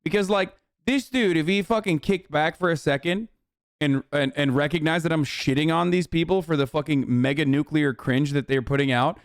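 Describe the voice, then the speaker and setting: Man with a smooth, dry, profane ramble. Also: fairly high pitch, moderate pace, dry recording. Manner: profane, rambling, addresses chat. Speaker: streamer reacting to clips. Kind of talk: casual live-stream commentary.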